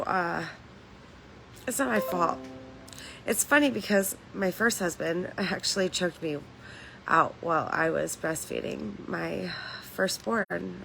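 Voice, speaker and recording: A woman's voice: lowish voice, gravelly, fairly bright tone, a little hiss or hum, rough recording. A woman hosting a casual livestream from home, talking candidly in a rambling way, swearing freely and laughing between lines. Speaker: livestream host.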